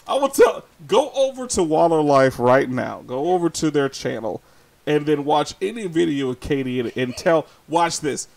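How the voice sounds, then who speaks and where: A man's voice: a little high, lively intonation, moderate pace, gravelly, darkish tone. A man chatting casually on a livestream, reading chat and teasing, laughing often.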